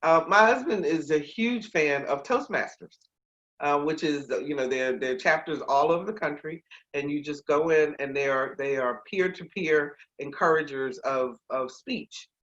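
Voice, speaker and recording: A woman media expert giving brisk, encouraging advice as an interview guest over a video call. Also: low-pitched, fairly bright tone. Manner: brisk, encouraging, plugging her show. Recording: dull lo-fi call audio.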